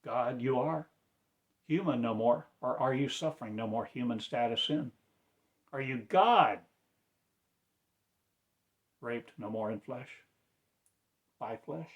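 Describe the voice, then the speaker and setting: A man preaching in a slow, declamatory way, with sudden loud rises in his voice. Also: mid-range voice. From United States. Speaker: self-styled spiritual teacher. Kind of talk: impassioned preaching.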